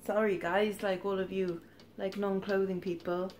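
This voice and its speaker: A woman talks through her charity shop finds in a loose, rambling vlog style. Her voice sits at a middle pitch, and she drifts into wry little asides as she goes. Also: level tone, moderate pace, a little mellow. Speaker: charity shop reseller vlogger. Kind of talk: casual haul vlog chat.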